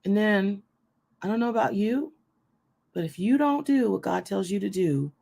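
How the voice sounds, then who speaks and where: A middle-aged woman hosting a casual faith talk, loud, fast and forthright in how she speaks. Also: mid-range voice, animated, creaky. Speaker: host.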